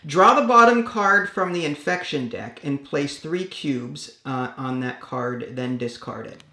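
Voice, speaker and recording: A man's voice: fairly high pitch, a little slow, bright, forceful tone. A man hosting a board game session, counting out his moves and reading the rules aloud as he goes. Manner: thinks aloud, counts out actions, reads rules step by step. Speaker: board game channel host. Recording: roomy echo.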